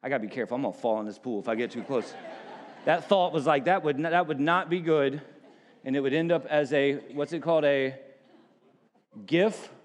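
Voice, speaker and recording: Male pastor, high voice, casual sermon delivery with asides, reverberant church hall. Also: brisk. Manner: conversational preaching with asides.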